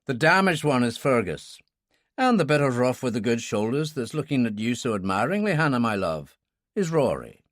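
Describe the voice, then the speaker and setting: A man's voice: mid-range voice, big pitch swings, moderate pace, no room sound, clean studio sound, lightly acted. A man voicing a wry, mocking man, in an audiobook.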